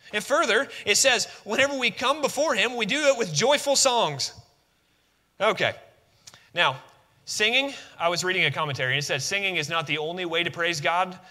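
High, bright preacher man. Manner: animated, leads call-and-response shouts, conversational asides. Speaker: pastor. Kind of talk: sermon. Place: church sanctuary.

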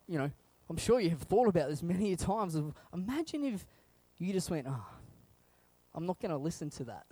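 A pastor preaching a conversational sermon, animated and chuckling often. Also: medium pitch, no room sound.

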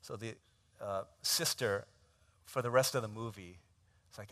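A man preaching a sermon, retelling a film scene in a conversational way, dropping to a hush and rising to loud emphasis. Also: mid-range voice, big pitch swings, normal speed, pauses often. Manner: conversational storytelling, swings from hushed to shouted. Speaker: pastor.

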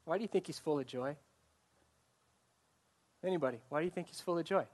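A male pastor delivers a sermon with an earnest, searching manner. He speaks in a voice a little higher than most men's and keeps putting direct questions to the people listening. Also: a little fast, a little mellow. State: choked up, coughing.

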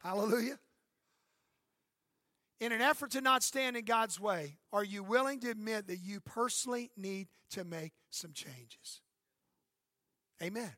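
A man's voice: high voice, a little slow, long pauses, sharp tone, dry recording, studio quality. A man in his fifties, a pastor preaching an emphatic sermon and calling out for amens. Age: 50s. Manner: emphatic preaching with calls for amen.

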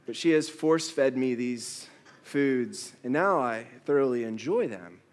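A man's voice: medium pitch, lively intonation, unhurried. A male pastor preaching a sermon, telling stories with playful quoted asides.

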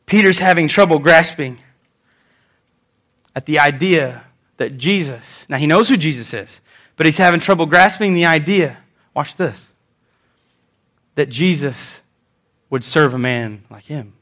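High-voiced man preaching a lively sermon. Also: a little slow, pauses often. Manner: animated, joking, acting out quotes. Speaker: pastor.

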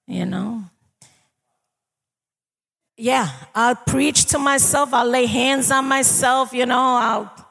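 Woman preacher, slow and husky, chatty sermon delivery, long hall echo. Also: a little high, a bit bright. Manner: conversational preaching, asks the congregation for agreement. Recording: long reverb of a large hall.

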